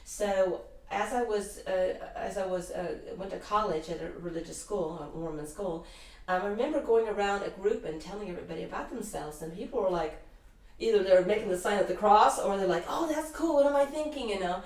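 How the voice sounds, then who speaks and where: A middle-aged woman guest, an intuitive healer, speaks briskly at medium pitch while telling long, rambling stories full of restarts in a casual interview. A distant mic leaves a roomy echo on the recording.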